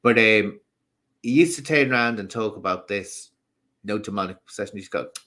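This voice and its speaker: A man whose accent blends Scouse with Southern Irish hosts a casual live stream, rambling and responding to viewer comments. His voice is lowish and a bit bright, at normal speed with frequent pauses.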